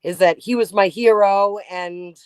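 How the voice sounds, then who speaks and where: A woman's voice: medium pitch, fairly even intonation, unhurried, darkish tone, clean tone, dry recording. A woman hosting a podcast over a call, talking with many restarts and fillers in an emotional, casual way. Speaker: podcast host. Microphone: remote call.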